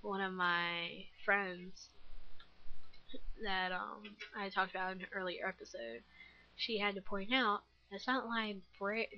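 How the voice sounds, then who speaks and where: A nineteen-year-old gaming vlogger chats casually while playing, her mid-range voice slow and sharp-toned on lo-fi audio. She rambles with plenty of fillers and self-deprecating giggles.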